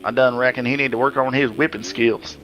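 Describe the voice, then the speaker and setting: A man's voice: mid-range voice, fairly quick, a bit bright, slight background noise, natural voice, poor audio. A man putting on a drawling country redneck voice for a joking race commentator, with folksy, mangled grammar.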